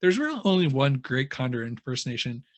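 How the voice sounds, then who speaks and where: A man's voice: mid-range voice, very animated, fast. A man co-hosting a book podcast, speaking casually and hesitantly, often restarting and trailing off. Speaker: podcast co-host.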